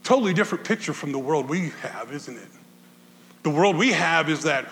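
A male pastor preaching a conversational sermon to his congregation, swinging from loud bursts to quiet asides. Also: a little fast, in a large hall. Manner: conversational preaching, animated swings in pitch and volume.

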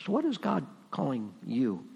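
A man's voice: mid-range voice, wildly swooping pitch, normal speed, creaky, a little mellow, husky, big-room sound, lo-fi sound. A man preaching a sermon as pastor, conversational and rising to emphatic moments.

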